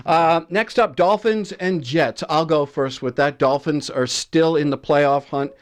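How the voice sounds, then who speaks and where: A man's voice: fairly high pitch, a little slow. A man anchoring a casual football picks segment, chatty and jokey, often stumbling over his words. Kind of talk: casual sports picks chat.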